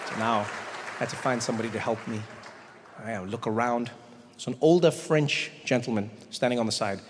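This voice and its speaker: A man telling stories as a stand-up comedian in an animated, conversational way. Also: mid-range voice, fairly quick, in a large hall, a crowd in the background, background noise. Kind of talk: stand-up storytelling.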